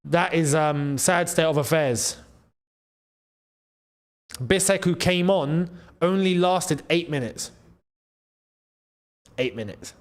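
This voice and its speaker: A young man hosting a live football watchalong, reacting to the match and shouting at big moments. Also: a little high, takes it slowly, pauses often. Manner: excitable, shouts at big chances and goals. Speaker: football channel host.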